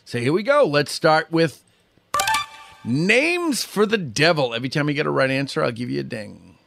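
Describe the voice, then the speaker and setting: A man's voice: fairly high pitch, very animated, moderate pace, gravelly, fairly bright tone, soft background music. A man hosting a playful game segment, teasing his guest and laughing often. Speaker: host. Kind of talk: playful game-show banter.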